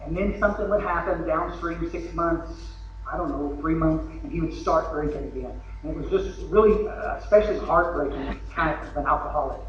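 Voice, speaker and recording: Speaking a little fast with few pauses, a Texan man at a convention podium tells a joking, folksy recovery talk peppered with acted asides, his voice slightly high. A large hall's echo fills the distant, lo-fi recording, along with a little hiss or hum.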